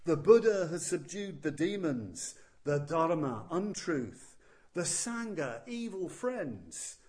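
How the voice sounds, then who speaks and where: A man's voice: on the high side, big pitch swings, slow, a little mellow. A man voicing two tiny magical animals, a pig and a horse, chanting a sing-song victory verse. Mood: triumphant.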